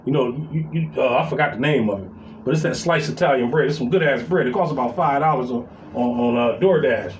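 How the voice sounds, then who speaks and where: A man's voice: mid-range voice, fairly quick, a little hiss or hum. A middle-aged man telling a long, profane story about his family, rambling and full of fillers and repeats. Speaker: vlogger venting about family. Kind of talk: casual storytelling rant. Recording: roomy echo.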